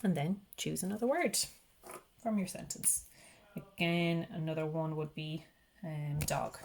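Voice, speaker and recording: A woman's voice: sits low, vocal fry, darkish tone, slight background noise. Patient woman sounding out words. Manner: patient, explains step by step, sounds out letters slowly. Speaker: teacher showing parents a literacy activity. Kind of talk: instructional demonstration.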